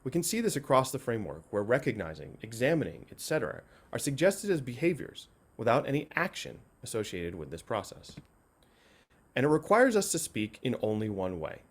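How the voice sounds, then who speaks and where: Lively-pitched man giving a conference talk. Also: fairly quick. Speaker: conference presenter. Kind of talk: academic presentation.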